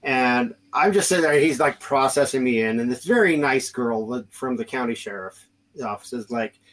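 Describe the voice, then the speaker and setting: A man's voice: mid-range voice, expressive, normal speed, a bit bright, low-quality recording. A man hosting a podcast, telling a story casually with lots of restarts and fillers. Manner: rambling, many restarts and fillers, acts out quoted voices. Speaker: podcast host.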